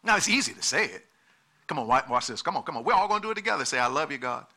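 Bright, emphatic male preacher. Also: mid-range voice, very animated, rapid-fire. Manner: emphatic preaching with repeated words and calls to the congregation. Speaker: pastor. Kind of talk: sermon.

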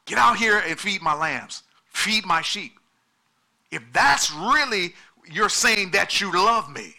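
A middle-aged pastor preaches a sermon in an animated way at a moderate pace. His voice is high for a man, bright and cutting, and he pushes his points with repeated words and direct calls to his listeners.

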